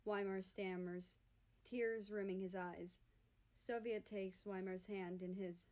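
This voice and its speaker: Woman, story narrator, audiobook reading, slow pace, soft, unhurried. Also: mid-range voice, fairly even intonation. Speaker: fan fiction reader.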